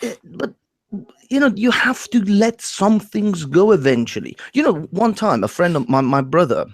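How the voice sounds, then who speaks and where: An animated man of Persian background talks in a loose, ranting way, his pitch swinging widely and sitting a little high. He stumbles over repeated words and laughs as he goes. The sound is close and dry. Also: normal speed, dry recording. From Middle East, Persian family. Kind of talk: casual discussion.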